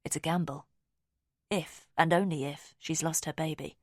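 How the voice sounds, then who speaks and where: A woman narrating a first-person audiobook in a quiet, measured, intimate way. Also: deep voice, fairly even intonation, dry recording, studio quality.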